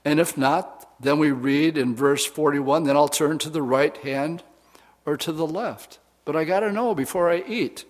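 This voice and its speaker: A man's voice: on the high side, measured pace. A man preaching a sermon, retelling a scripture story in casual, folksy words to a women's audience.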